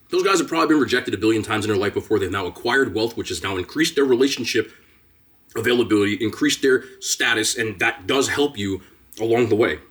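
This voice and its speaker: A young man talking straight to his viewers in a casual vlog, earnest and emphatic, pressing his points like a lecture. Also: medium pitch. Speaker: mukbang vlogger. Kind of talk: casual commentary to camera.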